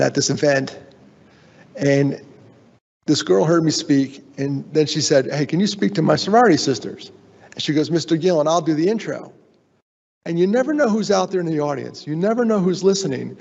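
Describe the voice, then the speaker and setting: Speaking in a large conference hall, a keynote speaker gives a candid, emotional talk, often breaking off and restarting his sentences. His voice sits on the high side, gravelly and darkish, and the audio is dull.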